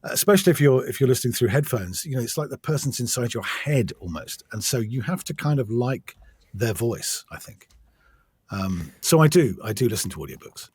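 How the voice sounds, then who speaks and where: A man's voice: mid-range voice, very animated, brisk, darkish tone, breathy edge, dry recording. An English man, an audiobook narrator, chatting as a guest in an interview, hesitant and self-deprecating with many restarts. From England. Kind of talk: casual interview chat.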